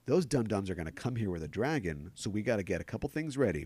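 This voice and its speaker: Casual podcast co-host, man, low-pitched, lively and jokey, dry close mic. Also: fast talker, husky, no echo. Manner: animated, joking, pitch swings upward for emphasis. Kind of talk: casual chat.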